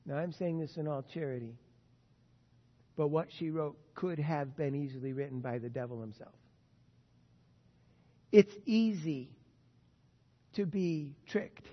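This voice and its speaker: A man preaching a sermon as pastor, earnest and emphatic, his loudness rising and falling. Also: fairly high pitch, measured pace, long pauses, long reverb tail, highs cut off.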